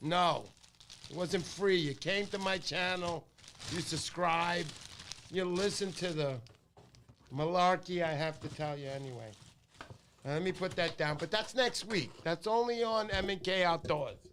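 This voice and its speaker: A man's voice: high voice, a little slow, fairly bright tone, a little hiss or hum. Joking middle-aged man hosting a livestream. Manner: joking, playful, chatty. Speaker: fishing channel host. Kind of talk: casual livestream chat.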